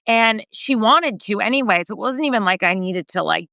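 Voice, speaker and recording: A woman podcast host and journalist recounting a story in casual conversation, animated and full of fillers, raising her voice when quoting others. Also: moderate pace, gravelly, no room sound. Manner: animated retelling, voicing quoted remarks higher, frequent fillers.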